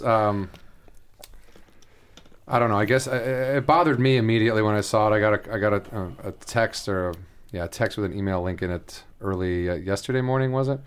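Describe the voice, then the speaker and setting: A man's voice: lowish voice, clear, resonant tone. Laid-back male podcast co-host. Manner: relaxed rambling anecdotes with many fillers. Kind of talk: casual podcast banter.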